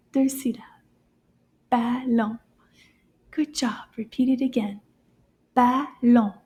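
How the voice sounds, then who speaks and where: A high, breathy woman guides young learners through new words in a soft, encouraging voice that often sinks to a half-whisper. She speaks slowly and clearly, with a slight gravelly fry at the ends of her phrases. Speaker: French teacher for children. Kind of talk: children's language lesson.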